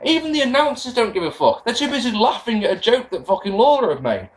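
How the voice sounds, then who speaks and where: A man's voice: extremely high pitch, fast, a little hiss or hum. A young man recapping a wrestling show in a casual, sarcastic rant, swearing as he goes. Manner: sarcastic, swearing, animated rants. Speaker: wrestling podcast host.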